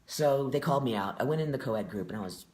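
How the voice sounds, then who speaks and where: A man's voice: medium pitch, lively intonation, fast, a little mellow, a little hiss or hum. Earnest man talking in an echoey room. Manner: reflective and earnest, with frequent fillers. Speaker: guest. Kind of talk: casual conversation.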